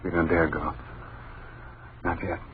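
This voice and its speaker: An actor playing a frightened man watching a ghostly scene, speaking in hushed, awed tones in 1940s radio drama style. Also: low-pitched, little pitch movement, measured pace. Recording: tinny old radio recording with hiss.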